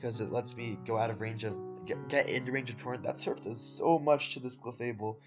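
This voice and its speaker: Over soft guitar background music and dull, lo-fi audio, a man narrates his own competitive matches in a relaxed, rambling way heavy with fillers, calling his viewers "guys" and "boys." His mid-range voice is steady in tone and a little fast.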